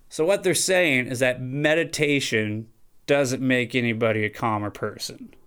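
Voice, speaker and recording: Male podcast host, mid-pitched, smooth clear voice, loose conversational delivery. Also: moderate pace, fairly bright tone. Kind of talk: casual monologue.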